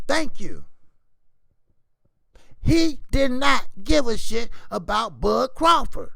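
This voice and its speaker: A man's voice: sits high, creaky, dry recording. A man, older, hosting a boxing channel, giving casual opinionated commentary in a preachy, repetitive way. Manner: animated, preachy, repeats "you see?".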